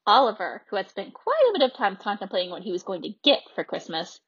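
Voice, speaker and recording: A woman narrating a children's audiobook with lively, expressive storytelling. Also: mid-range voice, fast, slightly rough, no echo, lo-fi sound.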